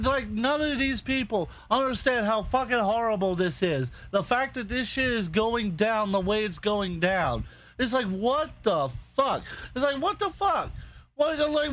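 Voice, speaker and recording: A man's voice: extremely high pitch, fairly bright tone. A man on a casual podcast, ranting angrily and swearing constantly, repeating himself as he gets worked up. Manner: angry, profane, repetitive ranting. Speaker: podcast host.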